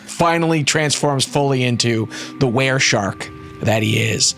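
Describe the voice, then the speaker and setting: Male game master, animated casual narration, mid pitch, faint music bed. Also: measured pace, vocal fry. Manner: animated storytelling, frequent fillers.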